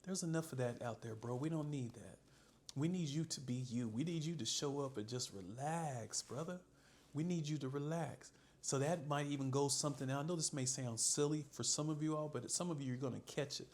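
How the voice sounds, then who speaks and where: A man's voice: mid-range voice, a little fast, darkish tone. A man giving casual dating advice as a coach, laid-back and calling the listener bro.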